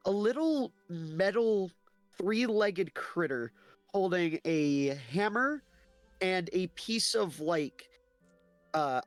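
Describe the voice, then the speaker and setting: A man narrating a tabletop game as game master, loose and rambling with many fillers. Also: on the high side.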